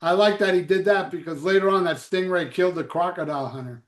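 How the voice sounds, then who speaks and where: A man's voice: sits high, fast talker, roomy sound. A man co-hosting a casual podcast, laid-back and blunt, retelling jokes. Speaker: podcast co-host.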